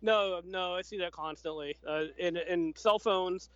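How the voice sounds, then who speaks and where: High-voiced man on a dull, dry mic. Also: measured pace, clean tone, no echo. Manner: easygoing, explanatory, laughs often. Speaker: podcast co-host. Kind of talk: casual chat.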